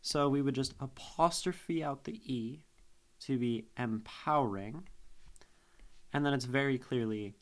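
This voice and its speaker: Guy on a stream picking apart a poem, talks real slow, mid pitch, keeps sounding words out. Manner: slow, thinking aloud, sounding out syllables. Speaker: streamer analyzing poetry. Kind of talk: casual live-stream teaching.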